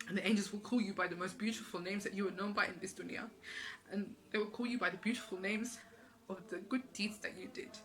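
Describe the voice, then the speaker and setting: A woman's voice: medium pitch, steady tone, fast, fairly bright tone, rough recording. A woman giving an earnest, emotional religious talk, repeating phrases for emphasis. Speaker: Islamic speaker.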